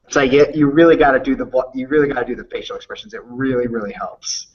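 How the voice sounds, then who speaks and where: A man's voice: medium pitch, quick pace. A man co-hosting a podcast, rambling casually and hesitantly, on dull lo-fi audio. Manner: rambling, hesitant, many fillers. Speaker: podcast co-host. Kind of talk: casual chat.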